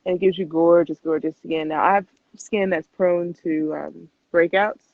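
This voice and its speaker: A young adult woman hosting a casual live Q&A, chatting quickly and laughing often as she answers viewer questions. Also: lowish voice, fairly even intonation, creaky, no room sound. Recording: tinny phone-like live stream, dry.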